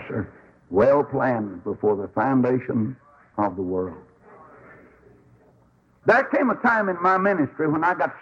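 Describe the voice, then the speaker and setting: A man preaching a sermon as a Baptist preacher, telling stories in a folksy, animated way with sudden high swoops. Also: breathy edge, muffled recording.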